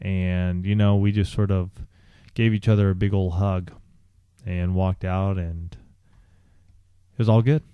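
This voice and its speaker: A man co-hosting a podcast, telling a candid personal story in a halting way, with many restarts and fillers. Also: low voice, fairly even intonation, clean tone, no echo, phone-quality sound. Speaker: podcast co-host.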